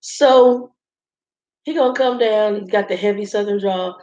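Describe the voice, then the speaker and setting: A woman's voice: medium pitch, unhurried, mellow. A woman vlogger in a hotel room, chatting to viewers in a rambling, casual storytelling way and calling them y'all. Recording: roomy, slightly dull sound.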